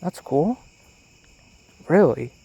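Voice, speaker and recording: Man, gravelly, dark-toned, rambling profane monologue, crickets behind. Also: fairly high pitch, drawn-out words, poor audio. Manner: profane, animated, questioning. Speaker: solo podcaster. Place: outdoors at night. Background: crickets and insects.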